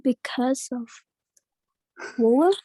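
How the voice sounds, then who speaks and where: High-voiced woman repeating after her teacher. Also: takes it slowly, dark tone, breathy edge, no room sound. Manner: short answers, repeats sounds after the teacher. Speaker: student. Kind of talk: answering in an online class.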